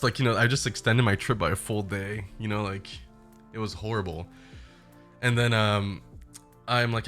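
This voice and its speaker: A young man streamer casually retelling a bad trip, animated and profane. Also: on the low side, moderate pace, soft background music. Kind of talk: casual storytelling.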